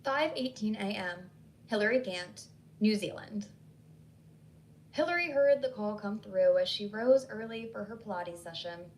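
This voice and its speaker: A woman's voice: medium pitch, measured pace, a little hiss or hum, poor audio. Woman reading a scary story. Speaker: horror story narrator.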